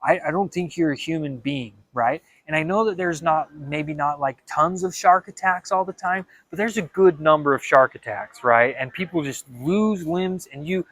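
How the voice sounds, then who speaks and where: Animated young man, dry close sound. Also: on the high side, normal speed, hardly any pauses, dry recording. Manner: animated, dramatic, swears and stammers in restarts. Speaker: vlogger. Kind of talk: casual vlog monologue.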